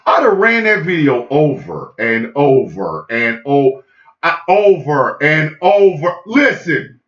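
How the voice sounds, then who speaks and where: High, shouty ranting man. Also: big pitch swings, slow, reverberant, dull audio. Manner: loud, incredulous, repetitive ranting. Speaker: comedy podcast host. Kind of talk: ranting comedic monologue.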